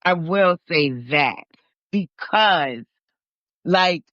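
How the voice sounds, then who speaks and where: A woman's voice: lowish voice, extremely slow, fairly bright tone, no room sound. A woman from Barbados and New York talking casually, rambling with many fillers and restarts. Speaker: podcast participant. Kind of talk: casual conversation. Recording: dull lo-fi.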